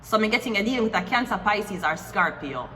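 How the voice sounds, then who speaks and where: A woman's voice: mid-range voice, animated, fairly quick, pushed and bright, a little hiss or hum. A woman giving a casual tarot reading, talking bluntly and teasing the viewer as she goes through the cards. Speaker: tarot reader. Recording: echoey room with long reverb, faint music.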